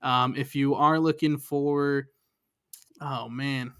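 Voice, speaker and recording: A man joining a casual soccer podcast as a guest, relaxed and hesitant, with lots of fillers as he gives tips. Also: medium pitch, takes it slowly, clean tone, no echo, studio quality. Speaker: guest from a fan show.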